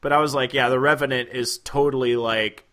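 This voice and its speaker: A man talking casually about films, laughing often and breaking into loud impressions. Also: medium pitch, steady tone, a little fast.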